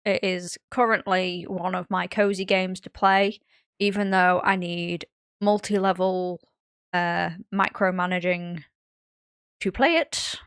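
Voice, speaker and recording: A woman co-hosting a casual podcast, telling stories in a rambling, animated way with lots of fillers. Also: fairly low pitch, slow pace, clear, resonant tone, no room sound, studio quality. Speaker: podcast co-host.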